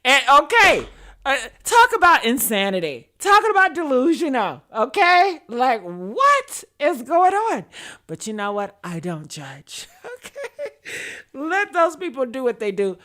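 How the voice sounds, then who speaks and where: Woman host, blunt commentary, sassy, profane, bright high voice, lively swoops. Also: unhurried. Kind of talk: opinionated commentary.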